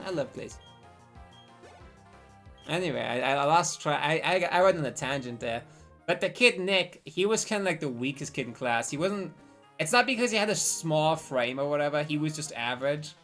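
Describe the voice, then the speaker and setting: A woman's voice: low-pitched, fairly bright tone. A woman in her twenties telling a rambling, profane story on a live stream and drifting into tangents.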